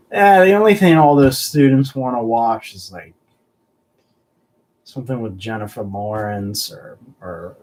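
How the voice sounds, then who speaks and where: A man's voice: on the low side, darkish tone, a little hiss or hum, low-quality recording. A young man from the American South hosts a loose live stream, answering viewers in an easygoing, rambling way. His talk is casual and peppered with swearing. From Southern United States. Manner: laid-back and rambling, swears freely. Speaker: collectibles channel host.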